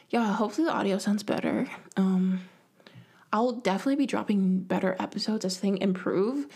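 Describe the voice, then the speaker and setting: A young woman talks into a home podcast mic, chatting alone through a rambling story about her day. She mocks herself as she goes and drops into a whisper to act out what others said. Her pitch sits right in the middle for a woman. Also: vocal fry, a little mellow, husky. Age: young adult. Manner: rambling, self-mocking, acts out quotes in whispers. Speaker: podcast host. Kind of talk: casual solo podcast storytelling.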